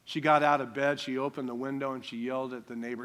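Male preacher, bright and emphatic, call-and-response sermon delivery. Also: mid-range voice, level tone, quick pace, few pauses. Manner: emphatic, repeats key lines, call-and-response. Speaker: pastor.

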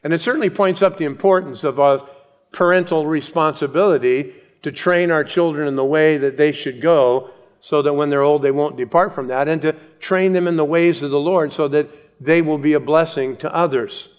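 A middle-aged male pastor teaching an expository Bible sermon, slowing down and dwelling on each phrase as he reads scripture aloud. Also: fairly high pitch, clean tone. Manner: measured, slows to read scripture aloud.

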